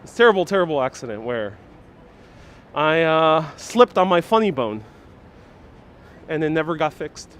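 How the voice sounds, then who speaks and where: A sarcastic, playful man hosts a live stream outdoors on a city street, laughing between jokes. His voice sits a little high, with faint traffic behind it on a wireless lapel mic. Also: very animated, moderate pace, long pauses, fairly bright tone. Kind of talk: joking live walking stream.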